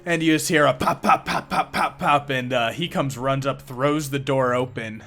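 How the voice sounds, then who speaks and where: A man narrating as game master of a tabletop game, casual and halting, with many fillers. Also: medium pitch, fairly bright tone.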